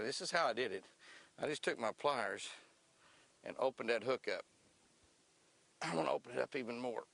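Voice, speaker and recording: A man's voice: medium pitch, gravelly. An older man hosting a fishing show outdoors on a lake, talking in a folksy, chatty way. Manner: folksy, excitable, laughs and whoops when fish bite. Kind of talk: casual outdoor fishing demonstration.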